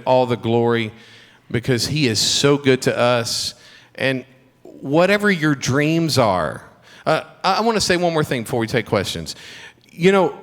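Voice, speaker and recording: A middle-aged man with a Southern accent giving a chapel talk to students, telling stories with humor and encouragement. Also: medium pitch. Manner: warm storytelling with humor and faith encouragement. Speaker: guest speaker at a school chapel. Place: school chapel. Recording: long hall reverb.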